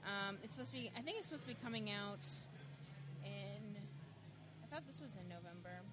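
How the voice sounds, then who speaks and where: A woman's voice: mid-range voice, animated, fairly quick. Chatty woman with noisy recording. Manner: chatty, runs on with asides. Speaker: news segment co-host. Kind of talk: casual chat. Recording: noticeable background noise.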